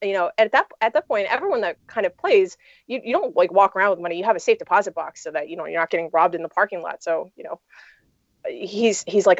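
A woman's voice: on the low side, animated, fast, no echo, highs cut off. A young adult woman telling a story in a casual interview, rambling with lots of fillers and restarts. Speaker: poker player guest.

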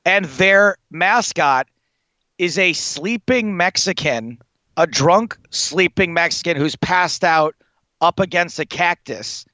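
A young man rambling through comic anecdotes as a podcast guest, animated, swearing often and laughing through his stories. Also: high voice, slow pace, dry recording, lo-fi sound. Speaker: guest storyteller.

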